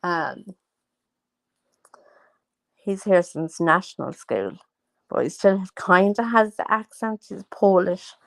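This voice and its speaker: A woman talks slowly and casually at home, wandering from story to story. Her voice sits at a middling pitch, and she fills gaps with "um" and "like". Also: animated, creaky, dry recording. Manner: rambling storytelling with fillers. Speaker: host. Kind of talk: casual chat.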